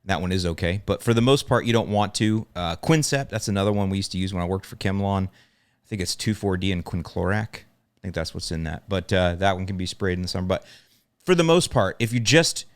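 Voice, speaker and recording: A man from the American South hosts a podcast and talks plainly, driving his points home by repeating them. His voice sits low and comes across smooth. The sound is dry and close to the mic. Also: brisk, dry recording. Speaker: podcast host answering lawn care questions. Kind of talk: casual podcast talk.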